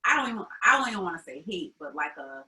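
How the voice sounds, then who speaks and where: Low-voiced, bright-toned woman guest from Albany. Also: sing-song, fast talker, low-quality recording. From Albany, New York. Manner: thoughtful, frank, with many fillers. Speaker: interview guest, founder. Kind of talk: casual conversational interview.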